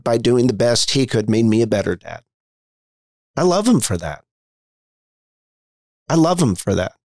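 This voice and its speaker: A man's voice: mid-range voice, no echo. Frank middle-aged man telling stories. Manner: frank, conversational storyteller acting out quoted dialogue. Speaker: podcast guest, physician in recovery. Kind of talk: candid storytelling interview.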